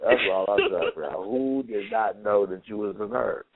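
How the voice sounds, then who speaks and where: A man's voice: lowish voice, brisk, no room sound. A man hosting a casual podcast, teasing his co-host with profane slang. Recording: tinny lo-fi phone-like sound.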